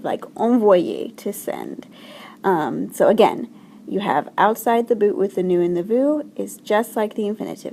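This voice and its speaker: A woman French teacher talks her class through a grammar lesson in a gravelly, mellow voice. She explains patiently and clearly, with a few fillers, over a faint hum of room noise. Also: medium pitch.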